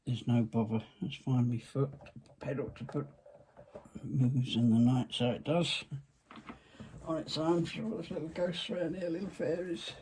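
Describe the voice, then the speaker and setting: A woman's voice: rumbling low, mellow, a little hiss or hum. Chatty Essex woman at her sewing machine. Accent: Essex English. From England. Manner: rambling, talkative, self-deprecating. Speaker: quilting vlogger. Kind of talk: casual chatty demonstration. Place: home sewing room. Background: sewing machine running.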